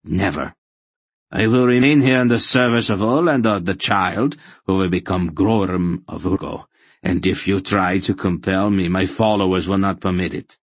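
A man's voice: low voice, little pitch movement, normal speed, no echo. A man voicing a zealous male fanatic in an audiobook, speaking with scorn and insistence. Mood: defiant. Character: zealous male cave-dwelling fanatic, contemptuous. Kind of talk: audiobook character voice.

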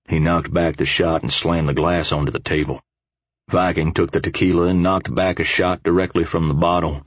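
A man narrates an audiobook in the first person, gritty and profane. His voice sits very low and husky. The recording is dry and close. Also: steady tone, moderate pace, dry recording.

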